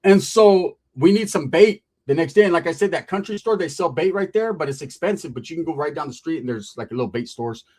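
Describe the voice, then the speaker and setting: Man, podcast guest, fairly high voice, casual profane storyteller. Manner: profane, slangy, streetwise; animated, drawn-out telling with frequent "right?".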